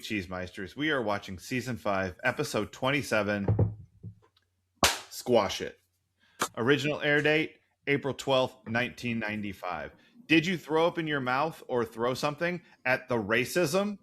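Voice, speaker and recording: Man, podcast co-host, casual recap chat, sarcastic, profane, medium pitch. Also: animated, moderate pace, fairly bright tone, slight background noise.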